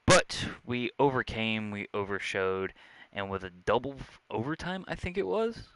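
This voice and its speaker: A man's voice: fairly low pitch, pushed and bright, clean tone. A man with a Southern US accent, hosting his own vlog and chatting casually to camera in a joking, rambling way. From Southern United States. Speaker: vlog host. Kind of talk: casual sports chat to camera. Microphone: own desk microphone.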